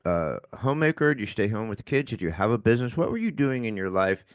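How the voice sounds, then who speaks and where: A man hosting a podcast, asking his guest a quick string of questions. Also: lowish voice, very animated, no echo, clean studio sound. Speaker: podcast host. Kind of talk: interview questions.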